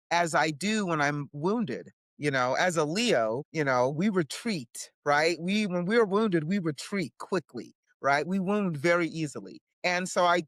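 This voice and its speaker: A woman's voice: low-pitched, dry recording, studio quality. A woman who is an indie author and publisher, a guest telling her story in a casual interview and often tagging lines with "right?". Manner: animated, acts out quoted voices, frequent "right?".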